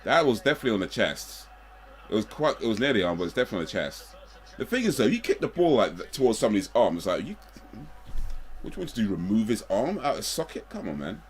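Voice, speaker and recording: Deep-voiced man chatting casually. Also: fast talker. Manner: relaxed, rambling, chuckling asides. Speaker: livestreamer. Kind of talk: casual live watch-along chat.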